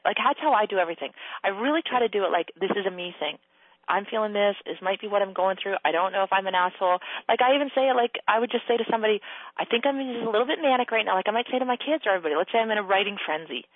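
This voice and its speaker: A woman hosting a casual coaching conversation, giving blunt advice, swearing freely and acting out quotes in a high playful voice. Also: lively intonation, rapid-fire, dry recording. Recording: tinny phone-line sound.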